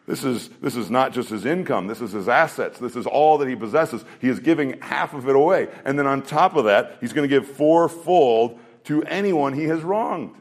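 A man's voice: medium pitch, lively intonation, moderate pace, few pauses. A man preaching a sermon in an earnest voice, asking rhetorical questions and shifting his pace. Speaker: pastor.

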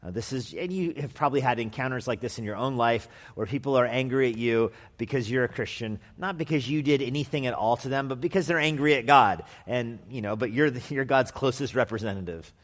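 Man, pastor, sermon, conversational and animated, middle pitch, long hall reverb. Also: brisk, hardly any pauses. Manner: conversational and animated, acts out voices of people in the story.

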